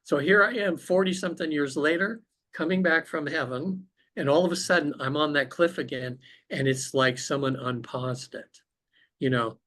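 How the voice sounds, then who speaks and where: A man appearing as a podcast guest via remote call speaks at a moderate pace in a somewhat high, fairly bright voice. He reflects earnestly as he tells of a spiritual experience from his own life.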